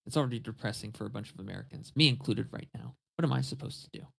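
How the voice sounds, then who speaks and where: A man's voice: mid-range voice, racing, gravelly, a bit bright, breathy edge. A man co-hosting a podcast, ranting bluntly and swearing in casual banter. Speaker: podcast co-host.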